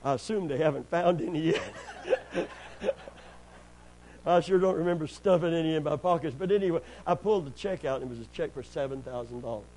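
A middle-aged pastor preaches a sermon in a folksy storytelling style, scattering amens and praise Gods and going loud and high when he gets worked up. He speaks fast with few pauses, on a rough recording.

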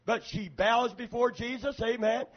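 A male pastor preaches from the pulpit with a high, slightly husky voice, pulling frequent amens from his congregation. He drifts between soft, confiding asides and loud, fervent stretches of prayer. The church recording sounds dull and lo-fi, like an old sermon tape. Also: steady tone, normal speed. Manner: preaching with frequent calls for amen.

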